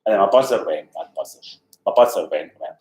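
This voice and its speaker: A man telling an anecdote in an interview, animated, laughing often and acting out the voices of the people in his story. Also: low-pitched, quick pace. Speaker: interview guest. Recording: echoey room, faint noise.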